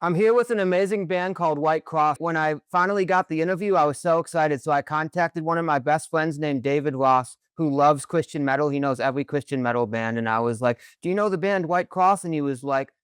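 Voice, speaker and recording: A man's voice: on the high side, brisk, few pauses, clear, resonant tone, no room sound. A man interviewing a band, chatty and enthusiastic, joking as he asks questions. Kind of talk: casual interview.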